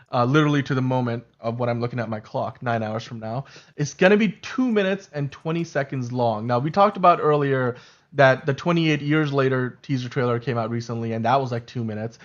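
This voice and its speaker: A man in a casual podcast chat, mid-pitched and talkative. He rambles and restarts his sentences in an animated way. The sound is slightly muffled and lo-fi. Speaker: show host.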